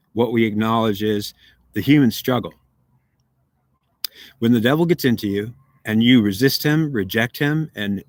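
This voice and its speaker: A man's voice: medium pitch, no room sound. A man delivering an emphatic, rambling spiritual monologue as a video host. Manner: rambling, emphatic, self-dialogue.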